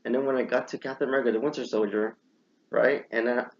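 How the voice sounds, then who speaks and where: A young man talks casually, retelling what he thought and jumping up in pitch when he replays his surprise. His voice sits at an ordinary middle pitch. The recording is muffled and lo-fi. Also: quick pace. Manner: excitable storyteller, acts out his own past reactions. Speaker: podcast host. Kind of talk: casual chat.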